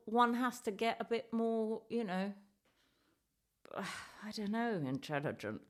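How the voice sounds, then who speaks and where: A woman's voice: lowish voice, lively intonation, a little slow. A woman in her fifties hosting a podcast as a ventriloquist, chatty and self-deprecating in casual comedic talk. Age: 50s.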